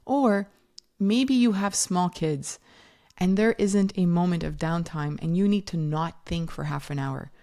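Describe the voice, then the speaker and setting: A woman in her thirties hosts a solo podcast on parenting, her voice sitting on the low side. She talks in a loose, conversational way, stopping to correct herself, and puts on livelier tones when acting out what moms say. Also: unhurried, dark tone. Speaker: podcast host and parenting educator.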